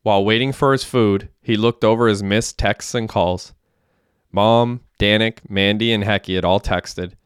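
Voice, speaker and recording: A man reading an audiobook in a steady, plain narrating manner. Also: lowish voice, normal speed, clean tone, dry recording, studio quality.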